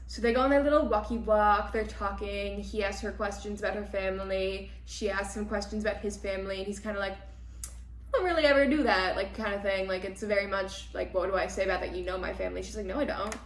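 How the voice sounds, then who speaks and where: A woman's voice: mid-range voice, quick pace, few pauses. Woman recapping a novel in an echoey room. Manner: retells plot in animated run-on recap. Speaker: podcast co-host. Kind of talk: casual book club chat.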